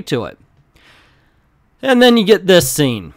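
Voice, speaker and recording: A man giving an opinionated, animated casual review of comic books, talking with his hands. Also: a little high, measured pace, no room sound. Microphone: close desk mic.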